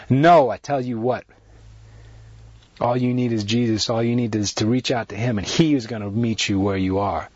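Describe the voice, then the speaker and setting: Husky male preacher, earnest sermon delivery, dry muffled close-mic recording. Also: medium pitch, a little mellow, dry recording. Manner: earnest, repetitive, rising emphasis. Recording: dry, dull lo-fi sound.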